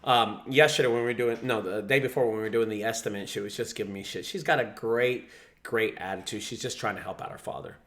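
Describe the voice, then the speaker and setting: A man's voice: lowish voice, steady tone, fast talker, a bit bright. A man who runs a junk removal business, teaching sales in a casual, profane, storytelling way. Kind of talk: casual teaching talk to camera.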